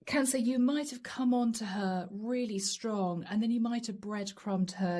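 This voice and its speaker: A chatty woman giving a tarot reading and talking straight to her viewer, laughing as she goes. Her voice is mellow and warm, set at a middle pitch for a woman. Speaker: tarot reader.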